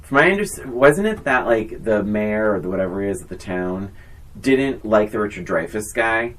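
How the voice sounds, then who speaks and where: A woman with a very low, deep voice talks in a lively, swooping way as a podcast co-host. She rambles through casual chat with plenty of fillers and teasing asides. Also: normal speed, rough recording.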